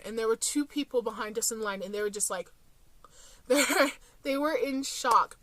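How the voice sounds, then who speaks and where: A woman's voice: on the high side, normal speed, a bit bright, no echo. A young woman vlogging about couponing, telling a story in a chatty, casual way with frequent fillers.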